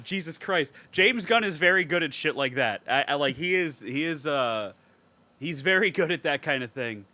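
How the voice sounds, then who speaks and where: Bright-voiced excitable podcast guy. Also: on the high side, fairly quick, no room sound. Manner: animated, profane, emotional storytelling. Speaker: podcast co-host. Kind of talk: casual podcast chat.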